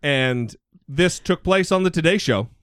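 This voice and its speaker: A man's voice: a little high, lively intonation, unhurried, clean tone, dry recording, clean studio sound. A man co-hosting a political podcast, talking casually in a sarcastic, outspoken way. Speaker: podcast co-host.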